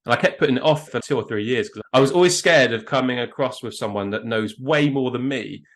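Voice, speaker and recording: A man's voice: medium pitch, a little fast, a bit bright. A man with a southern English accent talking casually in a podcast interview, enthusiastic and self-deprecating, often restarting his words. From England. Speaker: guest photographer.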